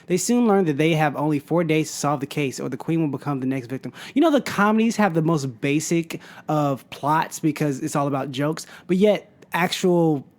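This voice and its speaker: A man's voice: fairly high pitch, moderate pace, hardly any pauses. A man hosting a podcast in casual chat, joking and teasing, often laughing. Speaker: podcast host.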